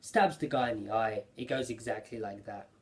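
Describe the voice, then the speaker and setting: A man giving a casual spoken recap of an anime episode, rambling and excitable, with lots of fillers and restarts. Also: fairly low pitch, moderate pace. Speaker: anime reviewer.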